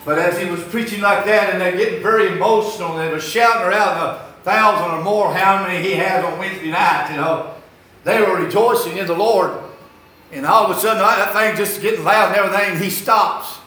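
A man's voice: sits high, a little fast, pushed and bright. An older man preaching a sermon, telling folksy, rambling stories and repeating his phrases. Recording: echoey hall.

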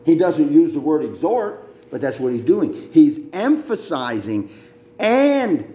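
A male pastor preaching a sermon, emphatic and deliberate, often repeating words as he teaches. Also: on the high side, sing-song, darkish tone, slight background noise. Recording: roomy echo.

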